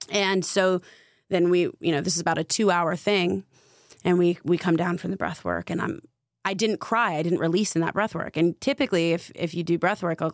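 A woman with a low, gravelly voice recounts a personal experience in a relaxed podcast chat. She speaks earnestly and leans on the word "like" throughout. The sound is close and dry, with no room echo. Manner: earnest, heavy use of filler "like". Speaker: podcast guest, spiritual coach. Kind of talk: casual storytelling conversation.

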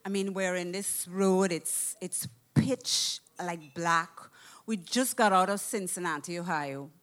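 Animated woman telling a profane story. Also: fairly low pitch, slow. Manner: animated, profane, acts out quoted voices. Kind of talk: casual anecdote telling.

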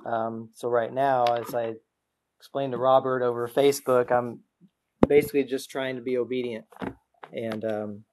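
A man with a drawl delivers a sermon to a church congregation through a microphone on a stand. His tone is earnest and conversational, with a gentle, self-deprecating humor. His pitch sits in the middle range for a man. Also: steady tone, normal speed, background noise. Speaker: guest preacher. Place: church service before a congregation. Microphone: adjustable microphone on a stand.

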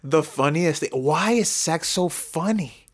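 A man's voice: a little high, animated, a little slow. A young man co-hosting a casual podcast, joking and laughing often as he talks. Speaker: podcast co-host.

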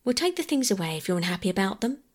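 A polite, earnest boy who hurries through his words, as a woman reads him out. The voice is soft and breathy. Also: mid-range voice, big pitch swings, racing.

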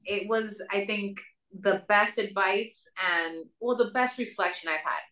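A woman from the Dominican Republic, speaking with a Dominican Spanish accent, earnestly tells a story as a guest in a casual interview. Her medium-pitched voice is unhurried and sharp in tone. The mic is distant and the sound roomy.

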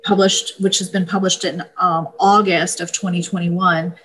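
A woman, an author of parenting books, explaining her books and advice in a steady, easygoing interview manner with small fillers. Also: fairly low pitch, normal speed, poor audio. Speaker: parenting book author, guest. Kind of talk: casual interview talk.

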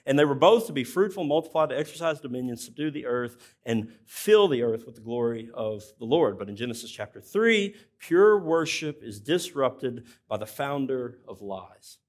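A man's voice: mid-range voice, very animated, normal speed, few pauses, darkish tone. A man preaching a sermon as pastor, plainspoken and conversational, often restarting his sentences.

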